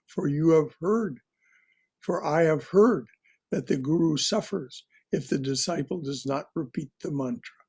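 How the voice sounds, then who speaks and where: A man teaching a religious class, reading stories aloud slowly and deliberately and stopping to comment on them. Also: medium pitch, husky. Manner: slow, deliberate reading with repetitions and restarts. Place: online class.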